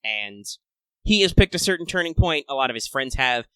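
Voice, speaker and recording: A man co-hosting a casual fan podcast, talking in a chatty, playful, upbeat way with excited asides. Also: medium pitch, brisk, clear, resonant tone, dry recording. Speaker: podcast co-host.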